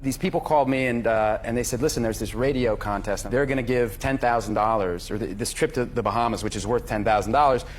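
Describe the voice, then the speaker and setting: A man's voice: mid-range voice, fast talker, few pauses, soft background music. A man telling a chatty, self-mocking story on a talk show.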